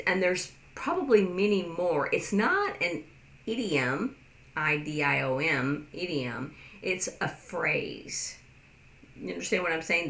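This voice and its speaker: A woman giving a casual sign language lesson, rambling with lots of fillers and acting out quoted lines in a higher voice. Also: fairly bright tone, echoey room.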